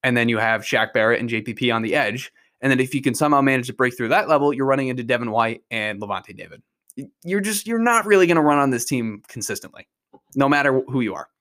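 A man hosting a sports podcast, rambling excitedly through football analysis with frequent restarts. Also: mid-range voice, fast. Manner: rambling, restarts often, excitable about plays. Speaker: podcast host.

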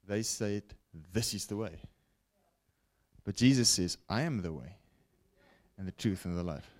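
A man preaching a broadcast sermon, with animated rises and falls and frequent "okay?" check-ins to his listeners. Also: fairly low pitch, unhurried, long pauses. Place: broadcast teaching setting.

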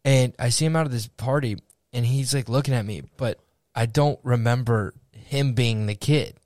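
A man's voice: mid-range voice, normal speed, dry recording, studio quality. A young man co-hosting a podcast, telling a story in casual chat, swearing and acting out what people said. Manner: animated storyteller, swearing, acts out quotes. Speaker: podcast co-host.

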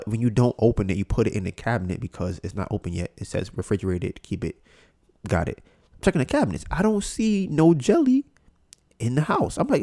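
A man's voice: mid-range voice, big pitch swings, a little fast, warm tone. A young man hosting a podcast, telling a casual story in slangy talk and acting out both sides of it. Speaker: podcast host.

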